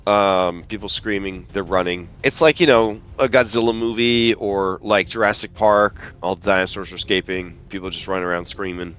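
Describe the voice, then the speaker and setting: A man's voice: low-pitched, fairly even intonation, normal speed, few pauses, fairly bright tone, smooth, lo-fi sound. A man narrating as game master of a tabletop game, rambling casually with lots of fillers.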